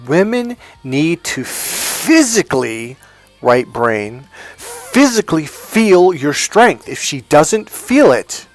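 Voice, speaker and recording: A man's voice: a little high, no room sound. A man giving a dating coach's storytelling monologue, blunt, profane and emphatic, with faint music behind him.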